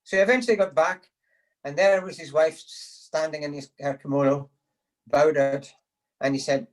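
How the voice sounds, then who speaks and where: This is a toast to the lassies delivered as after-dinner joke telling, with a man on a video call at a supper acting out quotes and laughing at his own punchlines. His pitch sits on the high side, his tone stays steady, and he speaks at a normal speed on a low-quality recording.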